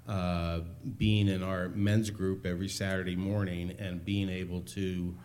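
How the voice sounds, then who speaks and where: A man earnestly encouraging other men in his church congregation, with halting pauses. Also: deep voice, a little mellow, a little hiss or hum. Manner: earnest, halting, many fillers. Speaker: men's group member giving testimony. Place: church sanctuary.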